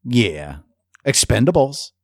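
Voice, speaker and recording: Podcast dude rambling with lots of likes and i-means, wry, dry close sound. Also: male voice, mid-range voice, very animated, slow pace, no echo. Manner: rambling, filler-heavy, wry. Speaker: podcast co-host. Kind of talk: casual chat.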